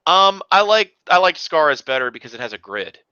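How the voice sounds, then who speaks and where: A man's voice: a little high, big pitch swings, normal speed, pushed and bright, clear, resonant tone, no room sound, highs cut off. A man co-hosting a casual gaming podcast, joking, laughing often and swearing freely. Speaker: podcast co-host. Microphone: desk mic, live stream.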